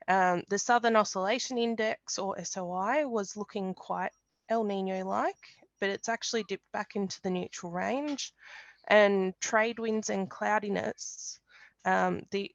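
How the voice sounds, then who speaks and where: A woman gives a webinar presentation on climate outlooks, explaining things in a measured way with ums and restarts. Her voice has a gravelly fry at the phrase ends. The call audio is dull and lo-fi but dry, with little room sound. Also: mid-range voice, fairly bright tone, no echo.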